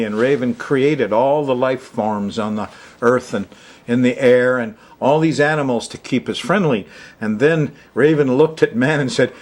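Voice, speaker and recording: A male astrology host talks straight to the viewer in a loose, chatty monologue. His voice sits at an ordinary middle pitch. He chuckles often and wanders off into side remarks. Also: measured pace. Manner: chuckling, chatty, rambling asides. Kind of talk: casual monologue to camera. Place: Hawaii.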